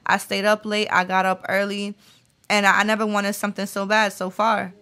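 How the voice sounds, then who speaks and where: A woman's voice: mid-range voice, little pitch movement, moderate pace, sharp tone. A woman in her late twenties, a guest author and poet, talking earnestly in an interview and reading her spoken-word poetry. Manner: earnest and reflective, frequent fillers.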